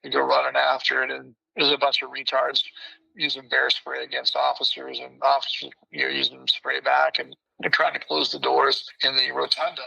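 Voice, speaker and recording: A middle-aged man telling a story as a podcast guest, animated and acting out quotes and sound effects, on dull lo-fi audio. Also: mid-range voice, moderate pace, gravelly, slightly rough. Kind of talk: casual spoken storytelling.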